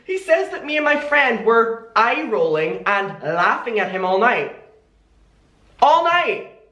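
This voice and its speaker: A man's voice: high voice, a little slow, muffled recording. Exasperated young man in an echoey room. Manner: animated, exasperated storytelling. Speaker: YouTuber telling his side of a story. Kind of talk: storytime vlog.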